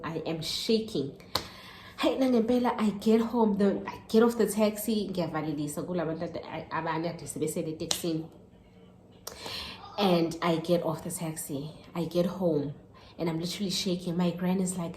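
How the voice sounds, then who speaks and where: A young woman in her twenties with a South African accent telling a storytime vlog, animated and switching between Zulu and English. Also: fairly low pitch, a little fast. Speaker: YouTuber. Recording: echoey room, faint noise.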